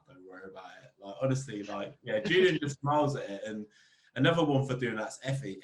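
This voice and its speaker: A man, a football club captain, chatting as a podcast guest and telling lively stories about the game. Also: slight background noise. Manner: animated storyteller, rising pitch when telling funny stories. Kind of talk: casual interview chat. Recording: roomy echo.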